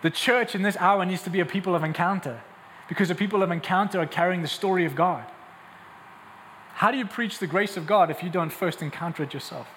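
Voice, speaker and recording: A man's voice: sits high, brisk, fairly bright tone, long reverb tail, a little hiss or hum. A young man preaching a sermon as a pastor, conversational and then building to emphatic peaks.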